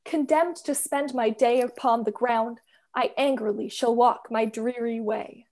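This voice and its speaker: A sulky little bird, grumpy and overdramatic, voiced by a woman who lifts her voice above her usual tone. He declaims his woes in slow, stately verse meter, as in a storybook play read aloud over a video call. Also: fairly high pitch, fairly even intonation, a little mellow, close to an everyday voice. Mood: grumpy, lamenting.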